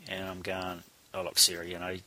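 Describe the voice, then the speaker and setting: Cast a rapid-fire, sharp-voiced New man in his forties, a blunt swearing coach. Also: sits low, completely flat delivery. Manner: blunt, salty storyteller, swears freely. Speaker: cycling coach. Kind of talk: casual anecdote in conversation.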